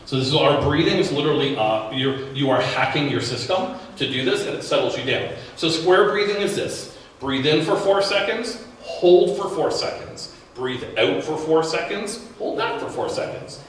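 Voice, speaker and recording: A man's voice: on the high side, animated, moderate pace, hardly any pauses. A man giving a live talk to a business audience at an event, in a conversational manner with frequent restarts and repeated words. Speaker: guest speaker. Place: event room at a networking event. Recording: echoey room from far off with faint background noise.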